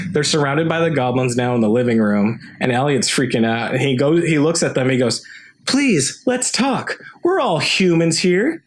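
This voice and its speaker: A man's voice: mid-range voice, slight background noise. A young man co-hosting a podcast, casually recapping a movie in a rambling way, laughing often and swearing. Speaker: podcast co-host.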